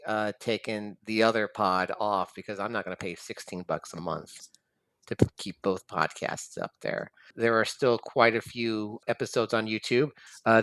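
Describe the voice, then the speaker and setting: A man hosting a podcast, talking bluntly with casual swearing and halting restarts. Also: medium pitch, a bit bright, dry recording. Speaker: podcast host.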